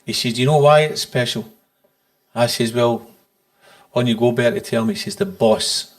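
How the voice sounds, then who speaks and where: Scottish host guy, halting chat, lots of uhs and ums. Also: mid-range voice, fairly even intonation. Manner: halting, many fillers, recounts quotes. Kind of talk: casual chat.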